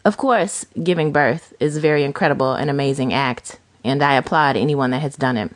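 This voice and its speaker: Low-voiced woman podcast host. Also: a little fast, dry recording. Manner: animated storytelling, acts out quoted voices. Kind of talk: casual chat.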